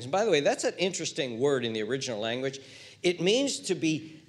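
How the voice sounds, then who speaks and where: A man's voice: on the high side, animated, moderate pace. A male pastor preaching an expository sermon, emphatic and repeating words for stress.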